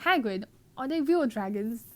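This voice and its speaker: A woman's voice: on the high side, expressive, normal speed, darkish tone, natural voice. A woman voicing an anxious young boy wizard in a comedic script reading. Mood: startled.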